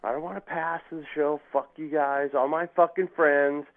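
A man's voice: a little high, fairly even intonation, normal speed. A man with a slightly raised voice spins long, swear-filled stories in loose conversation. He jumps between tangents and acts out what people said. The sound is thin and boxy, like a phone line. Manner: profane, rambling, jokey, acts out quotes. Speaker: podcast guest. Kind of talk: casual storytelling chat.

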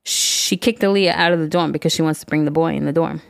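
A woman in her forties telling a long story in casual podcast chat, animated and swearing freely. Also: sits low, fast, gravelly. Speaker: podcast co-host.

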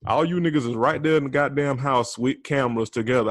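A man's voice: mid-range voice, lively intonation, dry recording, studio quality. A man co-hosting a podcast, chatting bluntly about reality TV with lots of cursing and laughter. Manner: blunt, profane, quick to laugh. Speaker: podcast co-host. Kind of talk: casual reality-TV chat.

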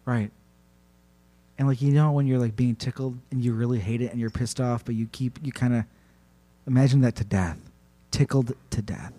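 A man's voice: mid-range voice, mellow. A man casually telling a creepy folk tale on a podcast, stretching words out for spooky effect and laughing along. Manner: playfully spooky, drawn-out narration, laughs often. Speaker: podcast storyteller. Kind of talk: casual storytelling chat.

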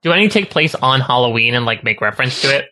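A man's voice: mid-range voice, lively intonation, fast, sharp tone. Jokey rambling male podcast host. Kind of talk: casual chat.

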